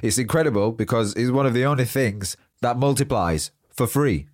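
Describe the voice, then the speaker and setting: A man's voice: medium pitch, moderate pace, a little mellow, no echo, clean studio sound. A young man hosting a motivational podcast with a badly blocked nose, sounding nasal and short of breath but upbeat and encouraging. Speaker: podcast host. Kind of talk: solo motivational podcast talk.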